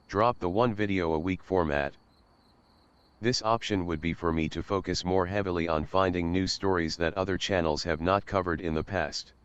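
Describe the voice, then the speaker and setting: A man's voice: low voice, clean tone, highs cut off. A young man reading a scripted, earnest announcement about his channel as its host.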